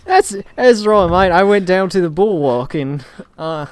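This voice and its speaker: A man's voice: sits high, expressive, measured pace, dry recording. A man voicing a cocky female tiefling sorceress in a jokey mock Cockney accent.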